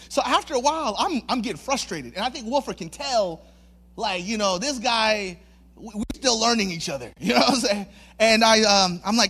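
A male pastor preaches a sermon with a notably high voice. He tells a personal story in a loose, chatty, self-mocking way, full of fillers and restarts. He slips into acted voices as he goes. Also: bright, forceful tone. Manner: acts out voices in his stories.

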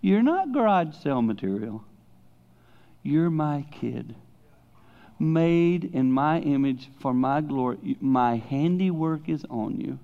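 A preacher voicing God, calm and fatherly. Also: fairly high pitch, takes it slowly, creaky, in a large hall, narrow, tinny audio, exaggerated voice. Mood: reassuring.

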